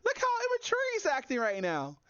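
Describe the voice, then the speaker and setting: A woman's voice: high voice, huge pitch swings, a little fast, a bit bright, no echo. A woman streaming live, mocking a clip in casual, slangy commentary. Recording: dull, dry lo-fi mic.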